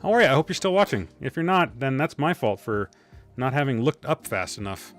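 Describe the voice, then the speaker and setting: A man's voice: mid-range voice, sing-song, brisk, fairly bright tone, soft background music. A man hosting a casual sober-living livestream while he paints miniatures, chatty and joking, often distracted by chat and family. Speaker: podcast host.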